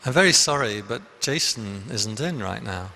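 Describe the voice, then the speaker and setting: A man's voice: fairly low pitch, lively intonation, moderate pace, gravelly, bright, forceful tone, big-room sound, full character voice, low-quality recording. A monk voicing his friend's mother as a polite, bustling middle-aged woman in a dharma talk story. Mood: gushing. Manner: gushing and apologetic.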